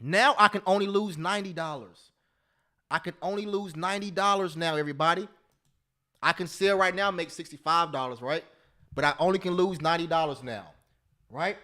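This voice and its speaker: A man with a high voice runs a live trading class. He is excitable and repeats himself, talking straight to his viewers and breaking into bits of song. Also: brisk. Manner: sings snatches of love songs. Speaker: options trading instructor.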